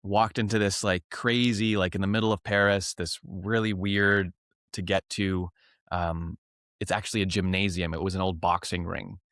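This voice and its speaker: A man's voice: low voice, fairly even intonation, normal speed, a bit bright, dry recording, studio quality. A man, a professional clown and teacher, telling a rambling story in a casual interview, laughing often and restarting his sentences.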